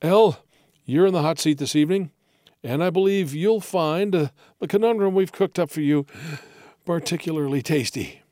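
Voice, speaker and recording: A man's voice: fairly high pitch, normal speed, mellow, no echo, studio quality, voice pushed up, natural voice. A man voicing a wheezing, genial man of ninety who hosts a puzzle club from his wheelchair. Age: 90s. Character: wheezing ninety-year-old male host in wheelchair.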